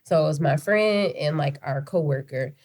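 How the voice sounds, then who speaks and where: A woman's voice: low-pitched, normal speed, darkish tone. Casual woman co-host, profane storyteller. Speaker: podcast co-host. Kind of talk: casual chat.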